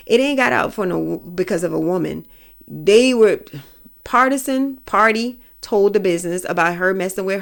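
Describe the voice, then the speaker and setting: A woman's voice: mid-range voice, creaky. A woman hosting a podcast, giving her opinions in a blunt, vulgar, emphatic way with speech. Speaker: podcast host. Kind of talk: casual opinion monologue.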